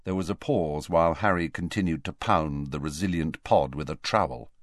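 A man narrating an audiobook with expressive storytelling. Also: extremely low pitch, moderate pace, dry recording.

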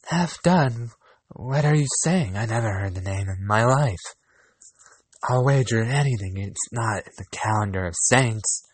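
A man voicing a small, good-natured, curious mouse in a storybook reading, speaking in a raised, excited, questioning voice. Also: mid-range voice, measured pace, husky, no room sound. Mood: puzzled.

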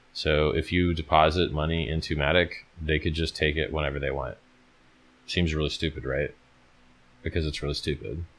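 A man's voice: rumbling low, fairly bright tone. A tired man hosting a casual livestream, talking bluntly with plenty of swearing as he reads and answers viewer questions. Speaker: livestream host answering chat.

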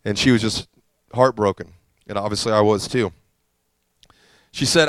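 A male pastor telling a story in a sermon, animated and self-deprecating, acting out what others said to him. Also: mid-range voice, normal speed, pauses often, smooth, no echo.

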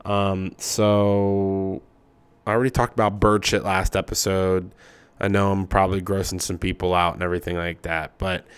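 A man's voice: deep voice, a bit bright, clean tone. A man hosting a podcast, telling loose personal stories in casual chat, swearing often and full of fillers. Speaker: podcast host. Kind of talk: casual rambling storytelling.

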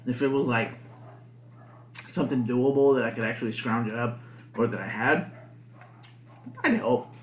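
A man's voice: medium pitch, normal speed, pauses often, a little hiss or hum. A young man hosting a podcast alone, rambling casually with lots of swearing and filler words. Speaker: podcast host. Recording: echoey room.

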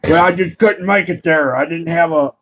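Deadpan crude storyteller, higher voice. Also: male voice, normal speed. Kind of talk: crude comedy podcast banter.

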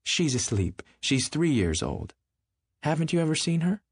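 A man's voice: on the high side, sing-song, normal speed, breathy edge, dry recording, voice pushed up, exaggerated voice. A man doing a flighty, teasing young society wife.

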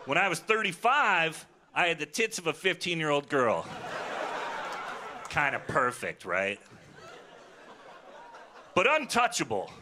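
A man's voice: fairly high pitch, very animated, a little slow, pauses often, noisy background. A man in his forties doing a crude, self-mocking stand-up set on a festival stage. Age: 40s. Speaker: stand-up comedian. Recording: live stage recording with crowd. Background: audience laughter.

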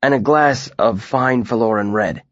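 A man voicing a young man in disguise who talks quietly with a put-on rasp in his throat. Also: medium pitch, no echo, highs cut off, close to an everyday voice. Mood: hushed. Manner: hushed, deliberate.

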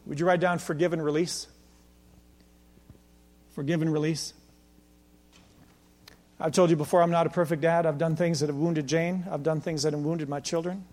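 A middle-aged man preaching a sermon as pastor, emphatic and rhetorical, building to near-shouts at his peaks. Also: a little high, flat delivery, moderate pace, pauses often. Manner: repeats "can I tell you" rhetorically.

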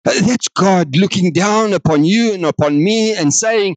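A man with a South African accent preaching a sermon in an animated way, acting out God's words. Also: high voice, measured pace, few pauses, no echo. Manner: animated, acts out God's words, mixes in other languages.

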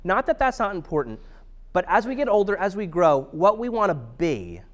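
Pastor type, man in his thirties, high voice, wry self-mocking storyteller. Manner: humorous self-deprecating storytelling. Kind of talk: conversational sermon.

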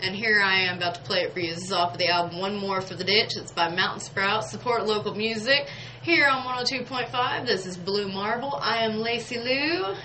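A woman's voice: mid-range voice, a little fast, bright, forceful tone, slight background noise, low-quality recording. A woman, hosting a local radio show in casual, chatty talk, laughing often and saying "y'all.". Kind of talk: casual on-air chat. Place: radio studio.

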